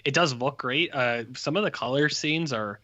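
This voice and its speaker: A man's voice: medium pitch, moderate pace, bright, forceful tone, dry recording, lo-fi sound. A man co-hosting a film podcast in casual chat, joking in a wry way. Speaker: podcast co-host.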